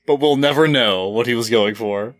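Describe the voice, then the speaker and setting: A woman co-hosting a podcast, chiming in with dry, deadpan quips. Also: rumbling low, moderate pace, soft background music. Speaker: podcast co-host. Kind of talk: casual chat.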